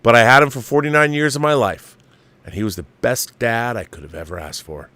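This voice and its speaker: A show host with a mid-range voice reads a viewer's letter aloud in a casual way, cutting in with his own asides. He talks briskly, and his voice sounds pushed and bright.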